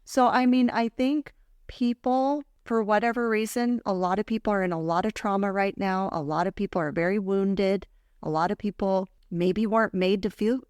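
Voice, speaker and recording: A woman hosts a faith podcast, sharing a personal story in an earnest, heartfelt way. Her mid-range voice has a darkish tone, captured as a dry, clean studio recording. The talk is casual faith podcast conversation.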